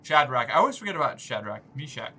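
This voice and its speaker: Male streamer, bright voice, lively pitch, rambling and cursing, faint music behind. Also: fast. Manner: animated, rambling and profane. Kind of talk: live gameplay streaming chat.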